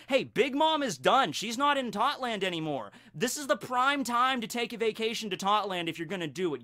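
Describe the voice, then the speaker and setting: Energetic, bright-voiced man rambling. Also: high voice. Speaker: YouTube host. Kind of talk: casual fan commentary.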